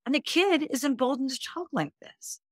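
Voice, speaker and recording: A woman's voice: sits high, animated, normal speed, no echo, studio quality. A woman speaking as a divorce coach guest on a podcast interview, earnest and emphatic, stacking her points in lists.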